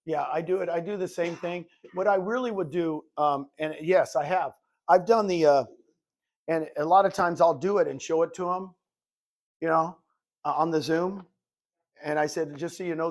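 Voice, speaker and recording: A man's voice: on the high side, normal speed. A man in his sixties coaching real estate agents in a live presentation, a self-described goofball who acts out conversations as he tells stories. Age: 60s. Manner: animated storytelling, acts out dialogue.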